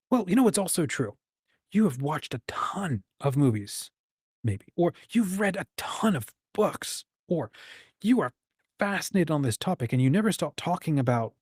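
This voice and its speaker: Man, livestream host, husky voice, dry close sound, encouraging, casual chat. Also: medium pitch, darkish tone, no room sound. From United States. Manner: encouraging, thinks aloud, acts out quoted voices.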